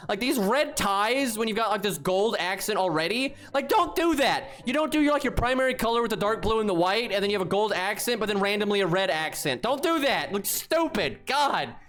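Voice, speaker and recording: A man's voice: high voice, expressive, moderate pace, few pauses, fairly bright tone. A man streaming live, giving blunt, exasperated and profane commentary while talking to his chat. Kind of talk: casual livestream commentary.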